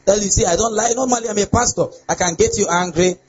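A young male pastor with a high voice preaches in an animated way and keeps checking that his listeners follow him. The sound is dull and lo-fi, with faint ambience behind him. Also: quick pace, slight background noise. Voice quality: animated preaching with laughs and repeated rhetorical questions. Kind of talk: sermon on relationships.

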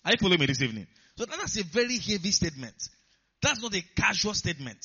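A man's voice: high-pitched, very animated, quick pace, bright, forceful tone, husky. A man preaching a sermon to a congregation, asking them questions and rising to emphatic bursts. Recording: dull lo-fi sound.

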